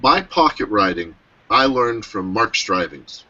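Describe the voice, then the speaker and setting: A man with a bright, forceful voice hosts a relaxed interview, his phrasing halting and hesitant. The audio is dull and lo-fi, like a video call. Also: on the low side, a little hiss or hum. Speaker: host. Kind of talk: casual interview chat.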